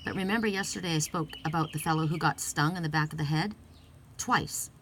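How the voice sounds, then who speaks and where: A woman's voice: low voice, quick pace, fairly bright tone, slight background noise. A middle-aged woman giving an earnest, heartfelt oracle card reading, emphatic and casual.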